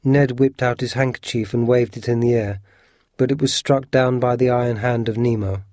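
A man reading a storybook aloud as its first-person narrator, in a steady, earnest manner. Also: medium pitch, moderate pace, no echo, studio quality.

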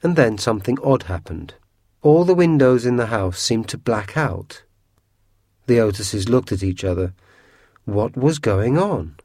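A man narrating a storybook chapter with steady, clear storytelling. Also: medium pitch, a little slow, no room sound, studio quality. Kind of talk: storybook reading.

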